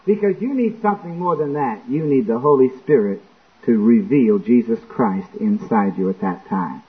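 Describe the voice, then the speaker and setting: A man preaching a sermon in church, acting out quotes and breaking into sudden shouts. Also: mid-range voice, normal speed. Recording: tinny lo-fi phone-like recording.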